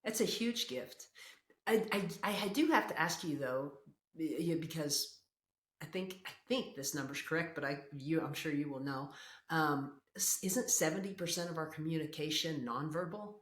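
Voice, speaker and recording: A woman's voice: low-pitched, normal speed, roomy sound. A woman hosting a podcast, asking enthusiastic questions with frequent restarts. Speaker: podcast host. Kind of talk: conversational interview.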